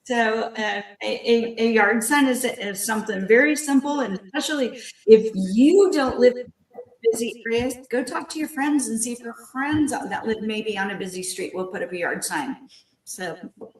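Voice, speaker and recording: A bubbly, playful woman with a fairly high voice speaks on a video call. She sounds far from the mic in an echoey room, with faint noise behind her. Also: moderate pace. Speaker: deputy director of volunteers. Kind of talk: casual video-call meeting.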